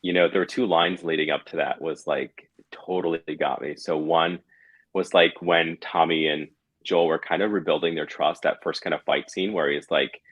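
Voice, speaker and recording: A man's voice: a bass voice, steady tone, moderate pace, fairly bright tone, slightly rough, dry recording, lo-fi sound. A man co-hosting a podcast, talking through a show episode in casual chat, earnest and wordy, circling back to his points. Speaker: podcast co-host.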